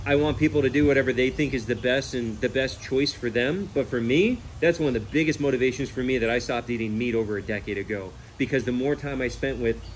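An earnest male host talking casually and with energy, leaning on imagined scenarios to make his case. His voice sits at an ordinary middle pitch. A faint hiss of noise runs underneath. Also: quick pace, few pauses. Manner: earnest, animated, uses hypothetical scenarios. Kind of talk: casual animal rescue talk.

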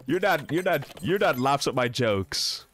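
A goofy young man streaming a game, talking to chat in a lively, swooping voice. He jokes around, swears and repeats himself for laughs. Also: mid-range voice, a little slow, a little hiss or hum. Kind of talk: casual gaming stream chat.

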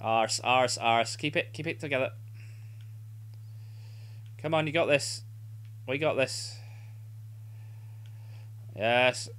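A man's voice: mid-range voice, slow, pauses often, a bit bright, clean tone. A young man playing a football video game live, urging his team on and swearing in frustration. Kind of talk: live gameplay commentary.

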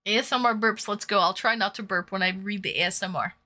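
Bright-voiced woman streamer chatting. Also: medium pitch, fast. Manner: chatty, reads and answers viewer chat aloud. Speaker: live-stream host. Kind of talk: casual live-stream chat.

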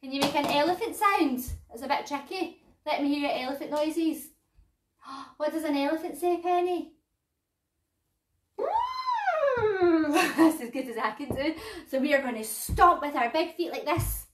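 Lively woman leading a baby sing-along. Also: sits high, unhurried, distant mic, a little hiss or hum. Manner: animated and playful, gasps and sings nursery rhymes. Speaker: children's music session leader. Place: community centre room. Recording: roomy echo, voice off-mic, backing music.

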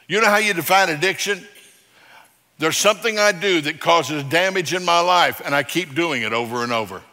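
A man preaching a sermon with a bright, forceful voice that sits a little high. He is emphatic, swinging from loud declarations to quiet, low passages. The sound carries a long reverb from a church hall. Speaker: pastor. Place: church sanctuary.

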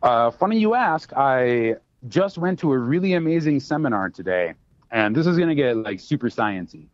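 A bartender appearing as a podcast guest talks casually and rambles, full of fillers and restarts. His mid-range voice is sing-song at a normal speed, and the recording is dry and slightly dull with no echo.

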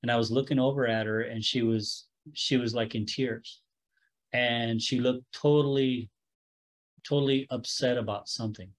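A man's voice: mid-range voice, steady tone, moderate pace, low-quality recording. Man telling a story as a rabbi. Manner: conversational, self-correcting, with chuckles. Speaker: Messianic rabbi teaching a Bible study. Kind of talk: storytelling sermon.

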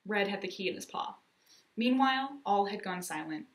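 A woman reads a children's adventure story aloud, lively and expressive. Her voice is mid-pitched. The sound has a noticeable room echo. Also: brisk, a little hiss or hum. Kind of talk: storybook narration.

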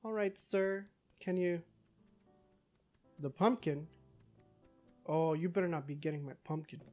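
A man giving casual let's-play commentary, talking back to the game's characters, cursing and breaking into yells. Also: fairly high pitch, a little slow, soft background music. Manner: excitable, curses, talks back to game characters, yells in bursts. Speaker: gaming YouTuber.

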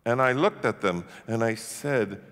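Man from Canada, pastor, emphatic sermon, bright forceful voice, long church-hall reverb. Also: medium pitch, unhurried. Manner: emphatic preaching, swinging from hushed to shouting. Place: church sanctuary.

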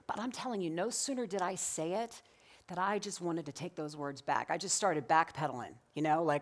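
Middle-aged woman minister, lowish voice, animated storyteller who acts out dialogue, preaching in church. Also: moderate pace. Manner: animated, acts out quoted dialogue, laughs often. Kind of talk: sermon with personal storytelling. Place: church sanctuary.

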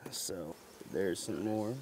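A man vlogging outdoors as he works a beehive, talking to the camera in an excited, folksy way. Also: deep voice, slow pace, slight background noise. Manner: excited, folksy, talks to camera while handling hives. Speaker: beekeeper vlogger. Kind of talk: casual outdoor narration while working. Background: buzzing bees.

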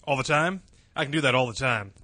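A man's voice: mid-range voice, brisk, sharp tone. A thirty-year-old man bantering and swearing in a casual podcast chat.

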